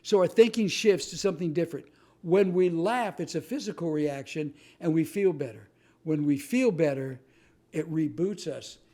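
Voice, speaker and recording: Emphatic male storyteller, warm tone. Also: a little high. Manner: animated storyteller, punchy emphatic repetitions. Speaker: host and author. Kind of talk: motivational talk.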